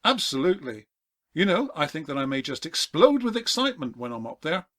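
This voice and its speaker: A man voicing an eccentric, excitable collector in a comedy audio play, with a polite, formal manner. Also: on the high side, fairly quick, noisy background. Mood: prim.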